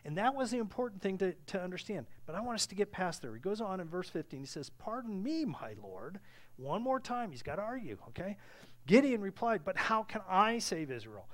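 A man's voice: high voice, sing-song, a little fast. A middle-aged man preaching a sermon as pastor, earnest and at times fervent, with many restarts.

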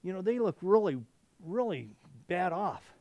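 A man's voice: high-pitched, lively intonation, a little slow, darkish tone, muffled recording. A man telling it as a chatty barnyard chicken, folksy and plain, voice rising and falling a lot, sounding close and dry with no room echo around it. it comes across like a casual, easygoing bit of storytelling. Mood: concerned.

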